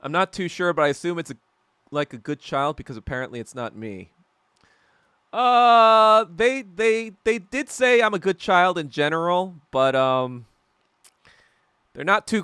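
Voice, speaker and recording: Young guy rambling on a casual stream, bright lively voice, laughs a lot, dry close mic. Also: fairly high pitch, clear, resonant tone, no room sound. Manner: rambling storyteller, laughs often, swears a lot. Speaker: podcast host. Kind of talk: casual livestream chat while eating.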